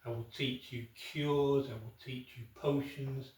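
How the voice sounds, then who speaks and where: A man voicing a sorrowful woman from the lake who has second sight, speaking low, quiet and grave. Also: fairly even intonation, slow pace, natural voice. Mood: solemn. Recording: echoey room, from far off.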